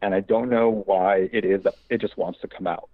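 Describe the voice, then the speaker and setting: A man's voice: on the low side, steady tone, a little fast, dry recording. A young man calling in to a show, describing his problem hesitantly and sheepishly, with many ums. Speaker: caller. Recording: tinny phone line.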